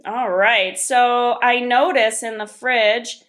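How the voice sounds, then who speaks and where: Woman teacher, slow read-aloud lesson, gentle and encouraging, a bit high voice. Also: fairly even intonation. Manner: gentle and encouraging, explains step by step. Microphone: camera or phone on a desk.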